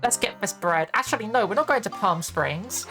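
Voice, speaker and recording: A woman's voice: medium pitch, expressive, normal speed. A young woman chatting casually while streaming a video game, rambling with lots of fillers. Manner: rambling, many fillers and laughs. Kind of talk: casual gaming stream chat. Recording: faint music behind voice.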